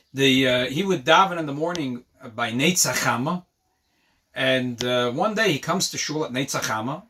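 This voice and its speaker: A rabbi giving a sermon in English mixed with Hebrew and Yiddish terms, telling a story with animated emphasis. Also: male voice, a little high, slightly rough. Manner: animated storyteller, rising to emphatic near-shouts on key points.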